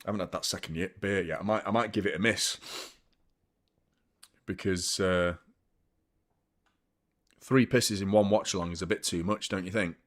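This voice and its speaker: A man's voice: deep voice, steady tone, normal speed, pauses often. A young man hosting a live football watchalong, commenting on the match and swearing freely as he gets heated.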